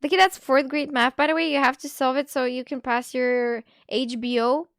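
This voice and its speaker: A woman streams and chats casually with her viewers. Her voice sits high, and she laughs easily between quick asides, filling her sentences with "like." The sound is close and dry, with no room in it. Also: fairly even intonation, clean tone, no room sound. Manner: chatty, giggly, full of "like" and quick asides. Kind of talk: casual live-stream chat.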